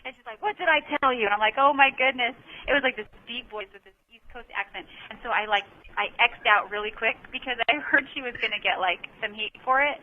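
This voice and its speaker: A woman's voice: fairly high pitch, fast, hardly any pauses, narrow, tinny audio. A woman in her thirties chatting on a video call, gushing and full of filler words. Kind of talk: casual chat over a video call.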